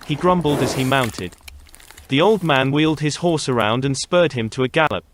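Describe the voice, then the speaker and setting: A man reading an audiobook as its narrator, in a steady storytelling manner. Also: medium pitch, moderate pace, background noise. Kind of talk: scripted narration.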